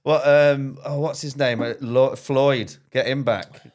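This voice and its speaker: A young adult man, a comedian guest on a casual chat, telling animated anecdotes and slipping into quick put-on voices. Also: medium pitch.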